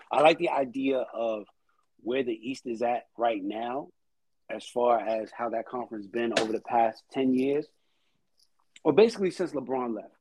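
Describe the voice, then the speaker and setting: A man co-hosting a casual sports talk show, animated and repetitive, laughing often. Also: mid-range voice, breathy edge, low-quality recording. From Haitian-American. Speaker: podcast co-host.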